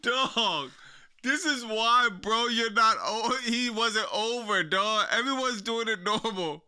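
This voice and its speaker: Slangy guy reacting to clips, bright smooth voice, takes his time. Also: very high voice, slow. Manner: slangy, laughs often, talks to chat. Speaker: streamer reacting to wrestling clips. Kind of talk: casual reaction commentary.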